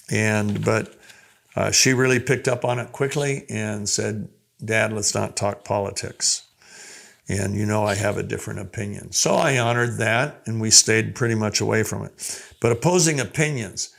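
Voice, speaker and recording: A man's voice: mid-range voice, vocal fry, a bit bright. An older man giving a conversational lesson on communication as a coach, acting out short quoted lines as he teaches. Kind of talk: teaching talk to a group.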